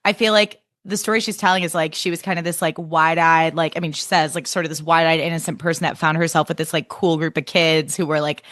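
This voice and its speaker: A woman's voice: sits low, steady tone, fast talker, few pauses, fairly bright tone, no room sound, clean studio sound. A woman in her thirties hosting a podcast, talking in a chatty, giggly way with lots of "like". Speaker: podcast host. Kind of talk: casual podcast chat.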